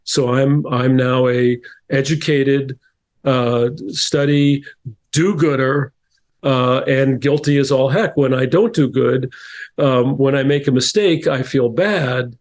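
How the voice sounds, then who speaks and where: Speaking slowly in a mid-range voice, a middle-aged man from New Jersey tells stories as a guest on a casual podcast interview. He's an author and coach, thoughtful, often restarting and repeating words.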